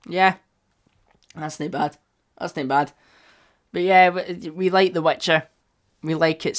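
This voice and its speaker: A young man hosting a casual solo review podcast, excitable and rambling, with his voice leaping up in pitch and loudness when he gets worked up. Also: clear, resonant tone. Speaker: podcast host.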